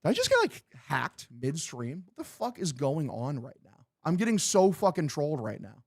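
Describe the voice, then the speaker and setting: A young man talks into a close desk mic in a dry, dead room. He hosts a casual live stream and sounds frustrated and profane. His voice sits fairly high for a man. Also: wildly swooping pitch, a little fast, breathy edge, no room sound. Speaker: livestream host.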